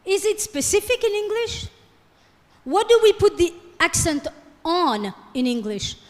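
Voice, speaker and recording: A woman's voice: very high voice, very animated, a little slow. A woman teaching French in a classroom lecture, switching between English and French and coaxing the class with questions. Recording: long hall reverb.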